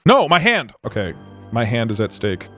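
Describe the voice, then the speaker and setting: Male streamer in his thirties, sarcastic, lively pitch, music underneath. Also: moderate pace. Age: 30s. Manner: exasperated, laughing, sarcastic. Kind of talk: casual live-stream chat.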